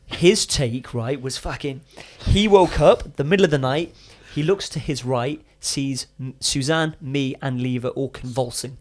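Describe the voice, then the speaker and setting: A young man, a podcast guest, telling a story in a casual, animated way with casual swearing and chatty asides. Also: medium pitch, measured pace, hardly any pauses.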